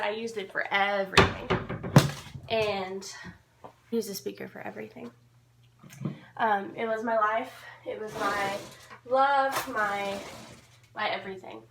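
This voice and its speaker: A woman's voice: medium pitch, background noise. A young woman from the American South with no Southern accent, chatting in a bubbly, rambling, self-mocking way while baking. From Georgia, USA. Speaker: vlogger. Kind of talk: casual chat while baking.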